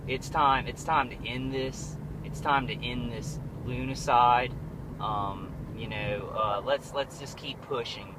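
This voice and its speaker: A man's voice: medium pitch, steady tone, slow pace. A man vlogging in a rambling, agitated way from inside a car on the street, cursing and stumbling with fillers and restarts, speaking into a phone mic that his thumb partly covers. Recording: muffled phone audio with traffic noise.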